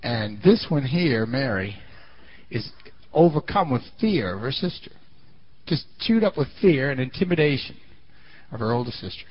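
A man's voice: medium pitch, big pitch swings, normal speed, pauses often, husky, dull audio. A man preaching a sermon in a dramatic storytelling style, often asking the audience questions.

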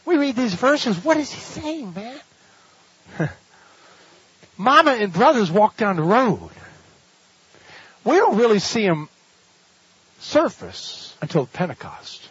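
Male pastor preaching, animated and dramatic; husky and high, recorded dry. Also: slow, long pauses, dry recording, dull audio. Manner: animated, dramatic storytelling with laughs and rhetorical questions. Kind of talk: sermon.

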